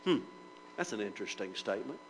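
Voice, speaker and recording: A man's voice: lowish voice, sing-song, fast talker, slight background noise, poor audio. A man preaching a Bible class sermon, asking the listeners rhetorical questions and reading scripture aloud in old-fashioned wording. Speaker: preacher teaching church members.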